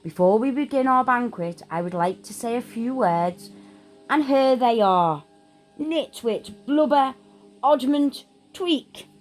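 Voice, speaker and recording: A woman's voice: a little high, lively intonation, slow, soft background music, voice pushed up. A woman doing a beaming, eccentric old wizard. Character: old male headmaster wizard, cheerful and eccentric. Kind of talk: storybook reading.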